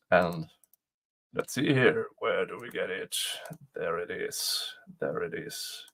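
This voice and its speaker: Chuckling man, lively pitch. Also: slow, gravelly, pauses often. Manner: chuckles often, jokey asides. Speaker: livestream host commenting on a trial. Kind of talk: casual live commentary.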